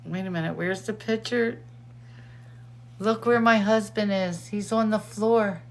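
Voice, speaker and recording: Woman, middle-aged, casual chat host, excitable, laughs a lot, slow-paced, medium pitch. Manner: excitable, chatty, laughs often.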